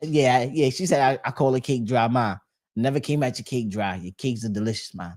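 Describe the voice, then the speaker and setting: A man's voice: medium pitch, brisk, darkish tone. Guy hosting a podcast, chill slangy talk, keeps restarting sentences. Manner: loose slangy talk with many restarts and fillers. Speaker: podcast host reading live chat. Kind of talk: casual chat.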